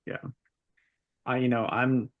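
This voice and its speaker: Man, gravelly voice, podcast co-host, casual chat, easygoing. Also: medium pitch, flat delivery, slow, narrow, tinny audio.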